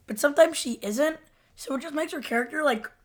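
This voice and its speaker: A chatty woman with a slightly high voice, talking casually about a TV episode. She agrees readily and giggles between remarks. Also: brisk. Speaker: podcast co-host. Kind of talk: casual chat reviewing a TV episode.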